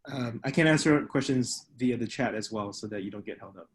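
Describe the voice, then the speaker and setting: A man's voice: medium pitch, fairly quick. A man wrapping up a casual talk at an online meetup over a video call, laid-back and brief. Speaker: guest speaker at online meetup.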